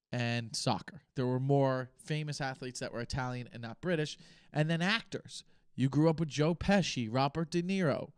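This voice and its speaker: A young man hosting his own podcast, thinking aloud in a rambling, unscripted way with pauses and restarts. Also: mid-range voice, darkish tone, clear, resonant tone, no echo, studio quality. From United States. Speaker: podcast host. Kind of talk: casual solo podcast talk.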